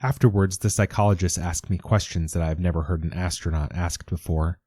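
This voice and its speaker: A man narrating a first-person story in a measured, intense way. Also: sits low, fairly even intonation, dark tone, dry recording.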